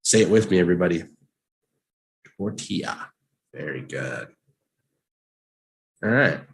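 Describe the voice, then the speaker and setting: A man teaching vocabulary in a live online lesson, saying each word slowly, having listeners repeat it, and reading out its definition. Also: sits low. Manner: slow and animated, drills words with repeat-after-me prompts. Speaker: English teacher.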